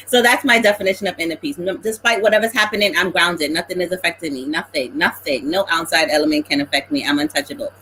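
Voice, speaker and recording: A woman on a panel talks through her thoughts in a calm, reflective way and laughs easily. Her voice is a little low and bright. A faint ambience sits behind her. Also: quick pace, few pauses, a little hiss or hum, rough recording. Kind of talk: casual panel talk.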